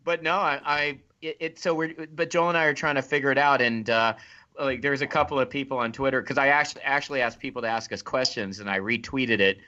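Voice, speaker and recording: A man's voice: mid-range voice, fairly even intonation, fairly quick, sharp tone, dull audio. A man co-hosting a podcast in casual chat, often laughing and restarting his sentences. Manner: stammering restarts and frequent laughs. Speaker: podcast co-host.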